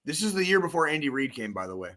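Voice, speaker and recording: A man co-hosting a casual podcast, ranting about football in a profane, excitable, rambling way. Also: fairly high pitch, very fast. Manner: profane, excitable, rambling sports-fan rant. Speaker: podcast co-host. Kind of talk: casual chat.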